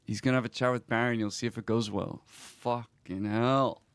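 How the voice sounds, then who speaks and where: A man streaming a roleplay game, reading in-game messages aloud slowly and reacting to them in a quiet, reflective way, with sighs between lines. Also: mid-range voice, fairly even intonation, smooth, no room sound.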